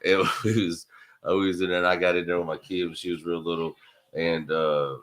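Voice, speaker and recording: Bright-toned, laughing man telling stories. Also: sits low, flat delivery, a little fast. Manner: crude, laughs often while telling stories. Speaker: podcast co-host. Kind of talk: casual chat.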